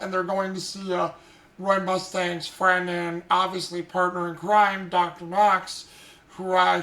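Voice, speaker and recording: A man's voice: high voice, sharp tone. A man hosting a podcast, casually recapping an anime episode in a rambling way with lots of fillers. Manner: rambling, many fillers and restarts. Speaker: podcast host. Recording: roomy echo.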